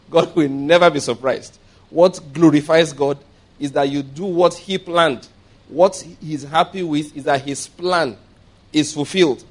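Emphatic male preacher delivering a sermon. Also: on the high side. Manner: emphatic, repeats key points, asks the congregation if they follow.

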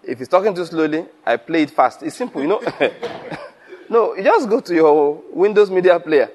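A man's voice: on the high side, moderate pace, slight background noise. A man preaching to fellow pastors, telling stories and acting out conversations, laughing often. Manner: lively storytelling, acts out dialogue, laughs often.

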